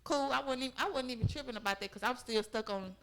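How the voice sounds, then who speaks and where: A young woman appears as a podcast guest, telling a personal story very fast in a slightly high, fairly bright voice, earnest and emphatic as she keeps checking in with listeners. The audio is poor, with a little background noise.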